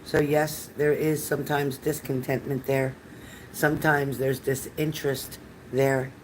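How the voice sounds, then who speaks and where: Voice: mid-range voice, flat delivery, measured pace, slight background noise, poor audio. An older tarot reader giving live readings to chat viewers in a chatty, rambling, reassuring manner.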